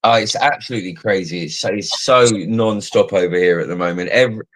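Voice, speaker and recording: A man's voice: fairly low pitch, brisk, poor audio. Cockney man rambling casually. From England. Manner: rambling, repeats words while thinking. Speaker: streamer. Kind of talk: casual live-stream chat.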